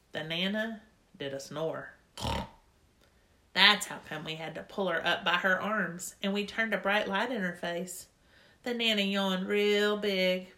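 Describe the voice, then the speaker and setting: A woman's voice: mid-range voice, sharp tone. A woman narrating a children's story in a chatty, childlike first-person voice. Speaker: audiobook reader.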